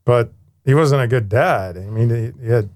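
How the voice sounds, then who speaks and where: A man in his forties, a former firefighter paramedic, telling his life story in a candid, animated way with casual swearing. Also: medium pitch, normal speed.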